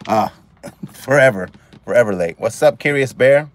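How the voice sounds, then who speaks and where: A man's voice: medium pitch, expressive, moderate pace, no room sound. A man hosting a casual live stream outdoors at a marina, upbeat as he greets viewers by name and reads their comments on a phone held at arm's length. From California. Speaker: livestream host.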